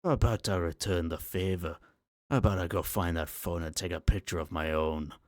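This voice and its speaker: A man's voice: low voice, moderate pace, darkish tone, no echo, clean studio sound, close to an everyday voice. A man doing a snarling Scottish mascot robot. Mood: menacing. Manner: snarling, menacing and profane. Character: furious foul-mouthed male mascot robot.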